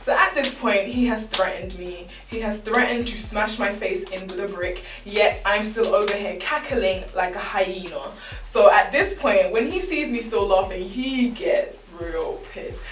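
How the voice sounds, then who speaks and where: A young woman telling a casual, animated storytime full of slang. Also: mid-range voice, unhurried, few pauses. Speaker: vlogger. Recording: roomy, distant mic, faint background music.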